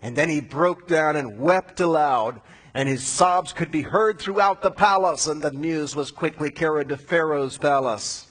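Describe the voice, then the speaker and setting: A preacher retells a Bible story in a loose, animated, chatty manner. His voice is husky and a bit breathy, pitched slightly above the usual male range. He drops in slangy asides as he goes. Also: measured pace, low-quality recording.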